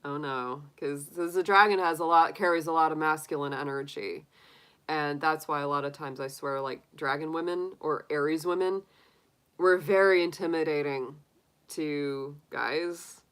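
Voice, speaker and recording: A woman's voice: deep voice, steady tone, moderate pace, a bit bright, clear, resonant tone, rough recording. A woman hosting a tarot live stream, chatting casually with viewers, laughing often and acting out little quotes.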